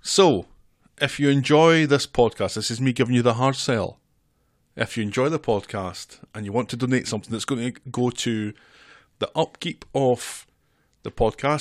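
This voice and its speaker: A man's voice: medium pitch, moderate pace, no echo. A man co-hosting a casual podcast, teasing his co-host with dry humor.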